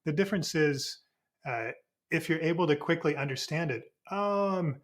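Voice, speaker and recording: A man, a spiritual teacher and podcast guest, explaining ideas in a relaxed, unhurried way with frequent restarts. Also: on the high side.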